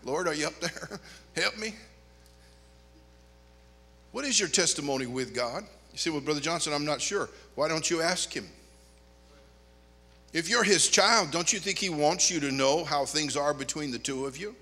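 Animated older male preacher in a hall. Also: fairly high pitch, moderate pace. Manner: animated preaching with joking asides and sudden loud outbursts. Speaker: pastor. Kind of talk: sermon. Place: church sanctuary. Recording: long hall reverb.

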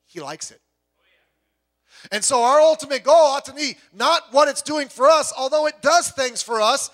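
A man preaching a sermon as pastor, animated, stumbling over restarts and acting out quotes, swinging between loud bursts and soft low asides.

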